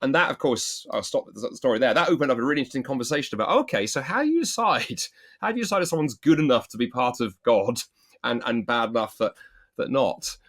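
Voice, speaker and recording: Animated storytelling man from the UK. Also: medium pitch, fast talker. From United Kingdom. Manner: animated anecdotes with lively acted-out quotes. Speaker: guest author and apologist. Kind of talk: storytelling interview answer.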